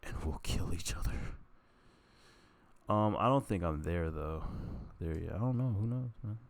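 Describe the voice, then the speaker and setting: Young male vlogger, very low gravelly voice, loose meandering monologue to camera, breaks off mid-thought. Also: expressive, normal speed. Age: young adult. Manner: meandering, self-interrupting, laughs at own stories. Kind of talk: rambling casual monologue. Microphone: camera mic.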